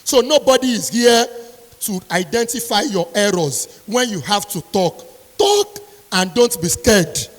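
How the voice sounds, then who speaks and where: A woman's voice: medium pitch, very animated, a little slow. A woman delivers a motivational speech as a strict university lecturer. She is emphatic and repeats her key points for weight. Her voice rings with the long reverb of a large hall.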